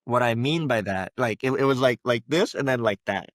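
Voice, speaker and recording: A man, a coach and interview guest, telling an emotional personal story in a reflective, halting way with many filler words. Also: medium pitch, no echo.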